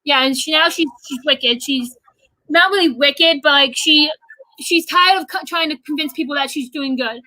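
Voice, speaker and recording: A young woman with a high, bright voice chatting on a livestream. She talks fast and eagerly, tripping over her own words. The sound is close and dry. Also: no echo, low-quality recording. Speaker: guest, theater fan. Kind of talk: excited livestream chat.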